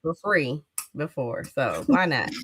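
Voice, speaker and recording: Slow-talking Detroit woman author. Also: deep voice, big pitch swings, a bit bright, slight background noise. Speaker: author guest. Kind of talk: interview conversation.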